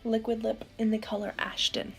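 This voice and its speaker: A young woman casually chatting through a makeup tutorial as a beauty vlogger, candid and quick to exclaim. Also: fairly high pitch, little pitch movement, vocal fry, soft background music.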